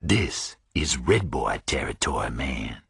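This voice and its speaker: A hulking, menacing prison gang bully taunts in a low, quiet drawl, as a male audiobook narrator puts him on. The voice sits well below the reader's own and stays husky. It comes across dry and close, with no room around it. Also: sing-song, takes it slowly, dry recording, full character voice. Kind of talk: audiobook character voice.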